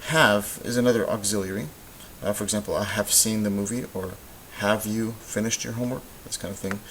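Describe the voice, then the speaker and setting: A man with a low voice talks through a recorded grammar lesson. He explains in a relaxed way, filling pauses with ums and uhs. A faint hiss runs under the recording. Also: rough recording. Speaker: Spanish teacher.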